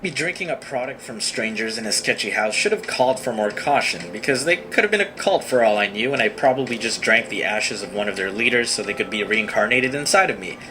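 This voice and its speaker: Man with a lively wry narration. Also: lowish voice, fairly quick, hardly any pauses. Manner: wry, self-mocking, lively delivery. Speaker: animated storyteller. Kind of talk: scripted comic narration. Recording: noisy played-back video clip.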